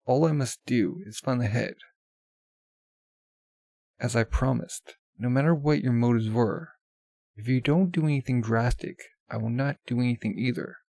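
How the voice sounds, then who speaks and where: Guy reading a cold scheming comic president, gravelly voice, flat read, dry sound. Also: medium pitch, moderate pace, no room sound, close to an everyday voice.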